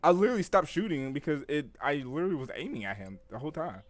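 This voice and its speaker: A man's voice: a little high, sing-song, quick pace. A man streaming a shooter game, ranting with frustration and a lot of swearing. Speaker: gaming streamer. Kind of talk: raging gameplay commentary.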